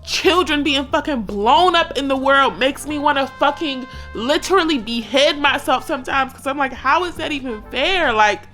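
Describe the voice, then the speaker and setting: A woman's voice: sits high, normal speed, hardly any pauses, a bit bright, faint music behind. A woman in her thirties talking candidly and emotionally in a personal vlog, blunt and swearing often. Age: 30s. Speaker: vlogger.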